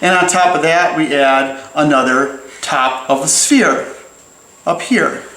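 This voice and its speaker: A man's voice: on the high side, slow, a bit bright, reverberant, low-quality recording. A man giving a casual, playful drawing lesson as he sketches, chatty and full of jokey asides. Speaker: drawing teacher.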